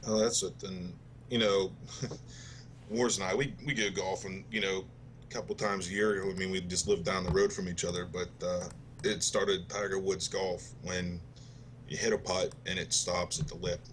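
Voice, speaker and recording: A man chatting casually, easygoing and halting. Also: sits low, little pitch movement, slight background noise. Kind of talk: casual memorial chat.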